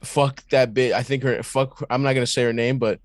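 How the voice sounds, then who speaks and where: A man co-hosting a podcast, firing off crude jokes and quick banter. His voice sits in an average pitch. It is recorded dry and close, with no room sound. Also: fairly even intonation, no echo. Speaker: podcast co-host. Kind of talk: casual chat.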